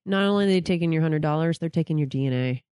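A woman's voice: sits low, very fast, mellow, clear, resonant tone, no room sound, studio quality. Playful, teasing woman podcast co-host. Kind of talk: casual chat.

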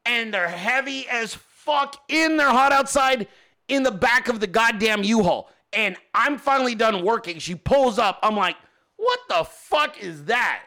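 A man hosting a podcast who tells a story as an animated, exasperated rant full of cursing. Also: very high-pitched, unhurried. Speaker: podcast host.

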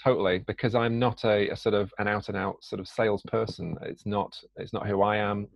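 Casting: British man, podcast guest, low gravelly voice, hesitant, dry muffled audio. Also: fairly even intonation, fairly quick, no echo. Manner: hesitant, many fillers and restarts. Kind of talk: conversational podcast interview. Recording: dull lo-fi dry sound.

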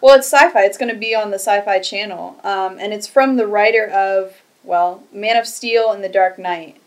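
A woman co-hosts a film podcast in relaxed chat. She laughs easily and hesitates often, filling pauses with ums, and her voice sits in a middle range. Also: mid-range voice. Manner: giggly, hesitant, many ums. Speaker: podcast co-host. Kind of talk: casual chat.

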